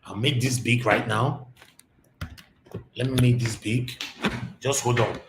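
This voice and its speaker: A man's voice: mid-range voice, steady tone, slow pace, long pauses, noisy background. Impassioned Nigerian man on a live stream. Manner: impassioned, repetitive. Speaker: host. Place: home office, generator running.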